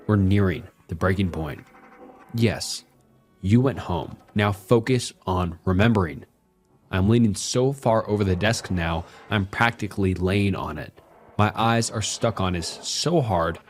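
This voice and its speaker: A man narrating a first-person horror story, cold, probing and controlling in his questions. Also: low-pitched. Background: faint music.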